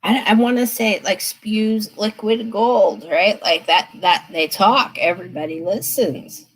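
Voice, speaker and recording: A woman's voice: mid-range voice, measured pace, breathy edge, rough recording. A woman giving live tarot readings in a chatty, emphatic way, laughing often. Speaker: tarot reader.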